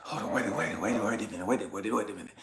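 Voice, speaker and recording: A man giving an impassioned personal testimony, swinging between hushed whispers and shouted pleas, raw and tearful, swearing freely. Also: lowish voice, fast talker, roomy sound, noisy background. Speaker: spiritual vlogger.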